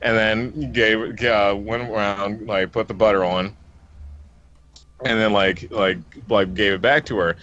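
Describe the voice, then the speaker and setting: A man's voice: lowish voice, fairly even intonation, a little slow, a bit bright, highs cut off. A man telling a long anecdote in casual chat on a game stream, rambling and often breaking into laughter mid-sentence. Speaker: let's play co-host.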